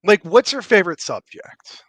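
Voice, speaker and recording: A man's voice: high voice, big pitch swings, moderate pace, a bit bright, no room sound. A man narrating a tabletop game as dungeon master, playful and chatty. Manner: playful, chatty, full of fillers like 'like'.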